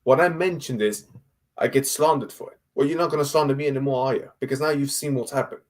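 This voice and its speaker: A man's voice: mid-range voice, fast talker, darkish tone. A man co-hosting a casual football debate over an online call, blunt and exasperated, firing off rhetorical questions and swearing. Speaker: football podcast co-host.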